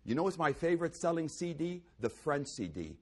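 A pastor preaching a sermon, swinging between loud exclamations and hushed near-whispers and repeating key phrases for emphasis. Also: male voice, on the high side, big pitch swings, a little fast, breathy edge.

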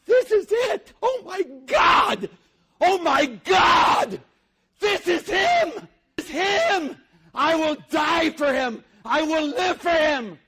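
A shouting, awestruck disciple. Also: male voice, animated, slow, heavily acted. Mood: ecstatic. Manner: high, shouting, breathless exclamations. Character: awestruck adult male disciple, overwhelmed with wonder. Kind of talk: sermon.

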